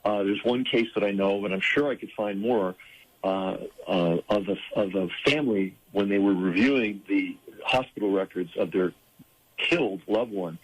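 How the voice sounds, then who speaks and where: A man speaking as an interview guest, earnest and halting, with frequent fillers and restarts. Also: fairly low pitch, a little hiss or hum, rough recording. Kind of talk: conversational interview.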